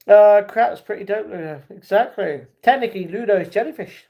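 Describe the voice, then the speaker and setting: A man's voice: sits high, expressive, moderate pace, dull audio. Chatty man hosting a livestream. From United Kingdom. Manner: reads viewer comments aloud and reacts. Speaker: livestream host. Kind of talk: casual livestream chat.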